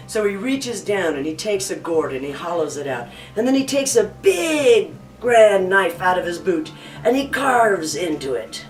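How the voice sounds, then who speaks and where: A woman narrates a folktale with lively, playful theatrics. She sits well back from the mic in a roomy space. Faint music plays behind her. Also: on the low side, unhurried, recorded from a distance. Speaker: storyteller.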